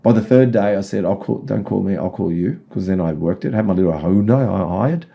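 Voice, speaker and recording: A man's voice: deep voice, brisk, creaky, husky, dull audio. A man as a podcast guest, telling rambling stories and giving direct advice in a casual chat. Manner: acts out voices in anecdotes.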